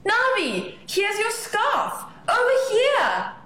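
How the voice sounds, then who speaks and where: A curious young boy in a storybook, as a woman reader puts him on. He speaks in a high, lively voice, slow and deliberate. A roomy echo surrounds it. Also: exaggerated voice. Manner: raised, childlike voice.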